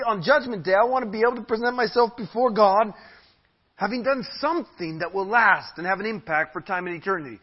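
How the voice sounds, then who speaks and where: A man preaches with lively, swooping emphasis and a high, slightly husky voice. He stretches key phrases slowly for weight. The church recording sounds dull and lo-fi. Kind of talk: sermon. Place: church hall.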